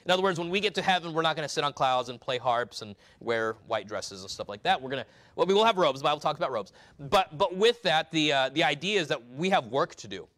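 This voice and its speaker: Bright-voiced conversational preacher, a man. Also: on the high side, animated, quick pace, no echo. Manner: conversational, explaining scripture verse by verse. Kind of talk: sermon.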